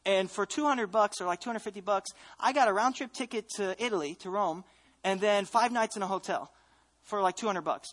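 This is an earnest American voice giving a personal faith testimony in a plain, reflective way. The telling is unhurried and sincere, and phrases often stop and start again before they settle. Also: mid-range voice, fairly bright tone. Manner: earnest, reflective storytelling with frequent restarts.

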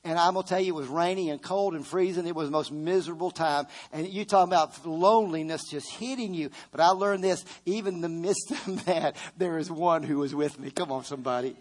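A man's voice: a little high, a little fast, few pauses. Middle-aged man, pastor. Fervent, repetitive call-and-response preaching in a slightly raised voice. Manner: repeats phrases for emphasis, with frequent restarts. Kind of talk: sermon.

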